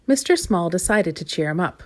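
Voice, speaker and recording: A woman reading a children's storybook aloud, gentle and expressive, lingering on repeated words. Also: on the low side, normal speed.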